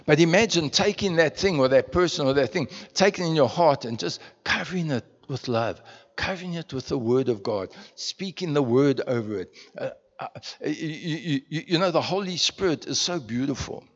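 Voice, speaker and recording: A man's voice: a little high, animated, moderate pace. A man from South Africa preaching a sermon to his congregation, talking conversationally with many rhetorical questions and repeated words. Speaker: pastor. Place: church. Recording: muffled sound in a reverberant church hall.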